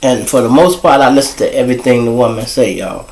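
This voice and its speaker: A man telling casual, profane street stories as host, animated and swearing freely. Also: quick pace, roomy sound, rough recording. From Chicago. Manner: animated, profane, jumps to high voices for quoted people. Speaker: storyteller host.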